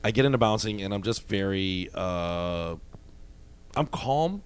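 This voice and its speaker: A young man in casual chat, telling animated stories and swearing freely. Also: sits low, a little slow, clear, resonant tone.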